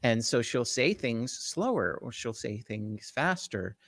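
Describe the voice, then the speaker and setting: This dry recording captures a middle-aged man from the Jersey Shore, US, whose mid-range voice is sing-song, a little slow and fairly bright. As a tech evangelist guest in a casual interview, he explains technology eagerly but ramblingly, with many fillers and restarts.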